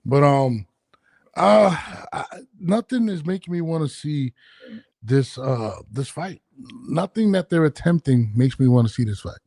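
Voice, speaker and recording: A man's voice: on the high side, animated, unhurried, warm tone, no room sound. A man hosting a podcast, talking bluntly and grumbling with frequent swearing. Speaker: podcast host. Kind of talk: casual chat.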